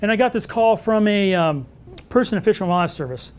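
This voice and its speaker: A man, a wildlife photographer, giving a chatty seminar to a live audience, telling animated stories and often checking in with "okay?". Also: high voice, fairly quick, clean tone. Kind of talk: live lecture with anecdotes. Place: event space with a live audience.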